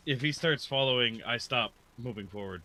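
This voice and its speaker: A man playing a tabletop game, describing his moves in a terse, matter-of-fact way over loud noise and clicks. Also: medium pitch, moderate pace, rough recording. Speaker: player.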